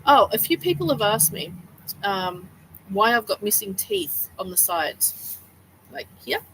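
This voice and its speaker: A woman's voice: medium pitch, a little slow, rough recording. Middle-aged woman, casual livestream chat, rambling, frequent laughs, faint background noise. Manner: rambling, laughs often, animated retelling. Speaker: livestream host.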